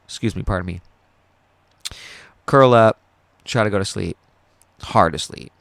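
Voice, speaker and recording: Low creaky man telling a story. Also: unhurried, dry recording. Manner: rambling, profane and emotional, with many restarts. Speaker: podcast host. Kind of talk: casual personal storytelling.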